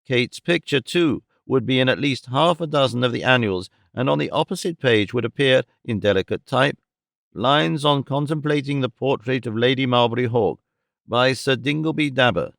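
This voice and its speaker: A man narrating a classic novel as an audiobook, in a measured, wry storytelling manner. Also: medium pitch, vocal fry, a bit bright, no room sound, clean studio sound.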